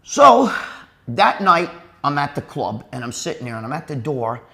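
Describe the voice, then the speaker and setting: A man's voice: a little high, moderate pace. Profane man in his fifties telling stories. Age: 50s. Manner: profane, animated, rambling, addresses viewers directly. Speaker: host, storyteller. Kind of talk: crude comic storytelling.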